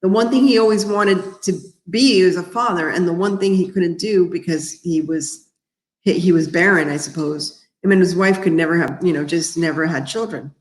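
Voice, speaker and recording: A woman's voice: lowish voice, normal speed, echoey room. A woman from Miami, an author hosting a casual livestream, chatting and rambling while she answers viewer comments. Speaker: author and crafting host.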